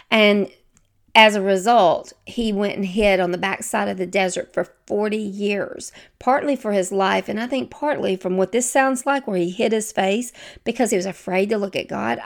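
A woman from the American South with a Southern accent, teaching from the Bible in a conversational way and turning to her listeners with chatty, self-deprecating asides. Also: medium pitch.

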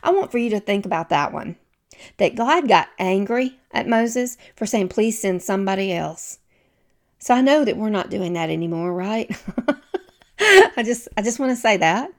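A Southern-accented woman reads Bible passages and then explains them in a relaxed, conversational teaching style. She talks straight to her listeners with chatty, self-deprecating asides. Her voice sits at a medium pitch for a woman. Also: normal speed. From American South.

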